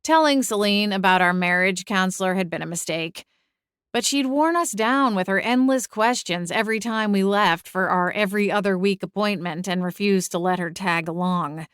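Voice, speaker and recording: A young adult woman narrating a first-person audiobook, expressive and exasperated in the dialogue. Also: mid-range voice, moderate pace, clear, resonant tone, no echo, studio quality.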